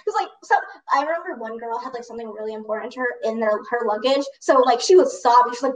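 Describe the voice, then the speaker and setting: A teenage girl with a high voice tells a long story in a loose, chatty way, leaning on "like" and laughing between lines. She sits a little back from the microphone, so her voice comes across slightly distant. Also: fast. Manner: animated, lots of "like", laughs mid-story. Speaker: storyteller recounting a school trip. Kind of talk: casual storytelling chat.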